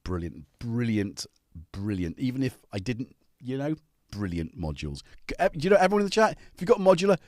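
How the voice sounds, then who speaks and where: A man hosting a livestream from his home studio, chatting in a rambling, friendly way and calling out to viewers by name. His pitch jumps up and down a lot as he talks. The sound is dry and close to the mic. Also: big pitch swings, a little fast, no room sound. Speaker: livestream host. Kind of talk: casual livestream chat.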